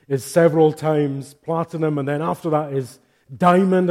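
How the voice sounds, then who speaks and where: A man's voice: fairly high pitch, mellow. A man preaching a sermon in a chatty, joking way, reading scripture aloud with strong emphasis. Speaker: pastor.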